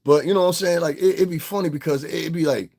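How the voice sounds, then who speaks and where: A man's voice: a little high, fast talker, a little mellow. A man hosting a livestream, ranting bluntly and profanely straight at his chat and slipping into mocking voices of others. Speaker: online show host. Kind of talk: casual livestream rant.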